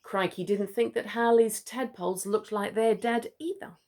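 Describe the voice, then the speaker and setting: A woman reading a children's picture book aloud, stopping for gentle asides to the child listening. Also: mid-range voice, steady tone, moderate pace. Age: older. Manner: gentle asides, chuckling often. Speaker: storybook reader.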